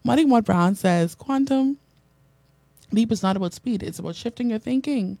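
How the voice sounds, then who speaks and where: Animated woman preaching, mellow and dry. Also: a little high, normal speed, gravelly, no room sound. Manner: animated preaching, repeats phrases, reads out comments. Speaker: radio and online preacher host. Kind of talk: sermon.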